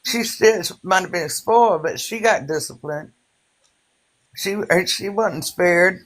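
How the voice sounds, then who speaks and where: A woman's voice: on the low side, takes it slowly. A middle-aged woman telling a story in casual chat, rambling with many fillers.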